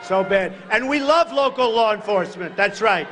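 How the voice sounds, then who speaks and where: A man giving a campaign rally speech in a large hall, emphatic and repetitive, often shouting short phrases to the crowd. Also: high voice, lively intonation, normal speed, hardly any pauses, noisy background. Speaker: political candidate at a rally. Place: large hotel event hall, live rally. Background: crowd of supporters.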